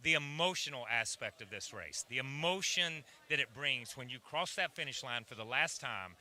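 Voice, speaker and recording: Middle-aged male racing analyst cohost, very bright timbre, animated and emphatic. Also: medium pitch, moderate pace. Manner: animated, emphatic explaining with restarts. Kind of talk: casual studio chat.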